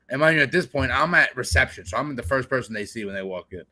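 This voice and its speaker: A man's voice: mid-range voice, fast. A man in his twenties from Florida, telling a profane anecdote in a casual chat and acting out the people in it. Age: 20s. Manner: animated, profane, acts out voices in anecdotes. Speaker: podcast host. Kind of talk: casual storytelling.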